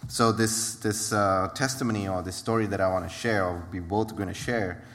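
A man's voice: lowish voice, steady tone, normal speed, a bit bright. A man from Malaysia telling a church testimony, hesitant, with many fillers and restarts. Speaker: ministry worker. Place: church hall. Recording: reverberant hall.

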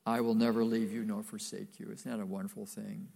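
A man's voice: fairly low pitch, level tone, a little fast, vocal fry, darkish tone. An older man preaching a sermon, folksy and emphatic, with playful asides to the congregation.

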